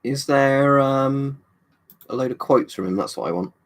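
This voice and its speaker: A man's voice: medium pitch, measured pace. A man chatting casually on a live stream, reading out chat messages, swearing freely and rambling with fillers.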